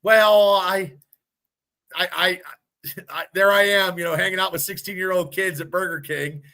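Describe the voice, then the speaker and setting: A man in his fifties swears his way through a rambling story on a casual sports podcast. His voice sits high and sounds bright and sharp, and he talks loosely, piling up restarts. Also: steady tone, normal speed. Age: 50s. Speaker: podcast co-host.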